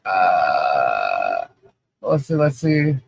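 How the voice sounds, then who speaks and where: A woman hosting a casual livestream, bubbly and greeting viewers one after another, with a low voice she says people mistake for a man's. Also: a bit bright, no room sound. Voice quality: low voice often taken for a man's. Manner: bubbly, greets chat viewers rapidly by name. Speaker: livestream host. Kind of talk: casual live chat.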